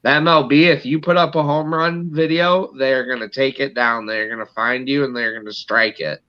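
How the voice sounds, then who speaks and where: A man's voice: mid-range voice, steady tone, normal speed, lo-fi sound. A man guesting on a sports podcast, explaining his opinions at length. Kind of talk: casual sports talk.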